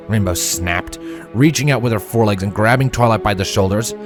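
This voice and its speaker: A man reading a story aloud in an expressive storybook narration style. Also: fairly low pitch, brisk, music in the background. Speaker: fanfiction reader.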